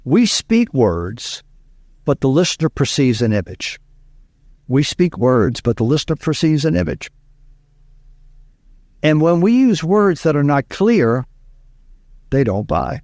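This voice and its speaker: A man's voice: on the high side, very animated, unhurried, vocal fry, long pauses, a little mellow, no room sound, studio quality. A man from Louisiana, a speaking coach telling stories in an interview, emphatic and repeating key lines. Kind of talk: interview storytelling.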